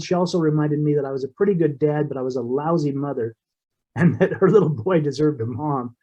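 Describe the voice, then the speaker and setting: A middle-aged man speaks as an interview guest, his voice mellow and a little higher than most men's. He tells a personal story earnestly and with feeling, often stopping and restarting his sentences. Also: highs cut off. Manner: earnest, emotional, halting with restarts.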